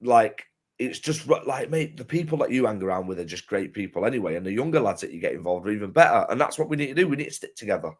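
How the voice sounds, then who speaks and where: Passionate football fan. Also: male voice, lowish voice, lively intonation, quick pace. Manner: passionate, gets loud and emphatic. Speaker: co-presenter. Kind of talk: casual chat.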